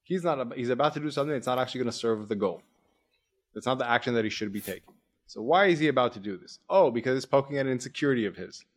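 Male podcast host and coach, quick delivery, explanatory, mid-pitched. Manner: energetic, explanatory, quotes his own inner voice. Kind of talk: coaching conversation.

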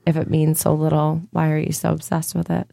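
Woman ranting casually on a podcast, kinda low voice, dry mic. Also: completely flat delivery, fairly quick, gravelly, warm tone, no room sound. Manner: opinionated, rambling. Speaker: podcast co-host. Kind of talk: casual chat.

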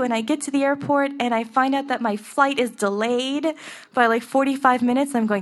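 A woman's voice: fairly high pitch, a little fast. A young woman telling a personal story in the first person, earnest and emotional, laughing at times. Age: young adult.

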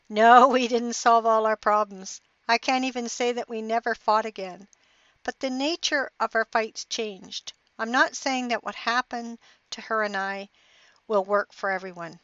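A woman's voice: a little high, unhurried, fairly bright tone, dry recording. A middle-aged woman hosting a motivational podcast in an upbeat, encouraging, inspirational way. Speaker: podcast host. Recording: dry, dull lo-fi podcast audio.

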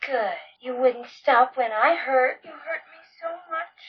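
A woman's voice: sits high, measured pace, breathy edge, lo-fi sound. An actress playing a lonely, unhinged woman who speaks plaintively and tearfully, wavering between sweet and menacing, in film dialogue.

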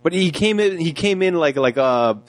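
A man's voice: fairly high pitch, animated, moderate pace, faint music behind. A man co-hosting a casual film review chat, easygoing, often stumbling and restarting as he talks. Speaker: podcast co-host reviewing a film.

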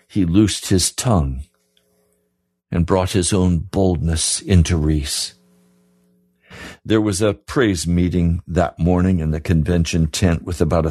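A man's voice: low voice, a little mellow, slightly rough, no echo, clean studio sound. A man preaching a radio sermon, earnest and pleading, repeating his questions to the listener. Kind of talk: sermon broadcast.

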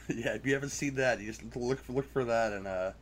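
A man's voice: medium pitch, a little hiss or hum. Crude, joking man riffing on a movie. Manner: loose, crude, joking, quick to laugh. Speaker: podcast commentary host. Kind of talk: casual movie commentary chat.

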